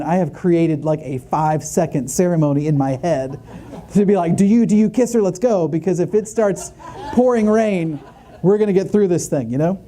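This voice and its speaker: A man speaking at a conference, telling a humorous story in a chatty, animated way with many asides. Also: a little high. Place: conference stage before an audience.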